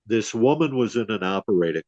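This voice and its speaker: An older man, a podcast host, telling a story in an unhurried way with many restarts. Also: lowish voice, lively intonation, a little mellow, no room sound. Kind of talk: casual chat. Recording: dull, dry lo-fi audio.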